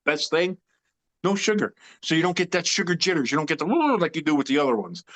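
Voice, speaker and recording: A man's voice: fairly high pitch, animated, fast talker, a bit bright. A man co-hosting a sports podcast in casual chat, opinionated and emphatic, rambling with fillers. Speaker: podcast co-host.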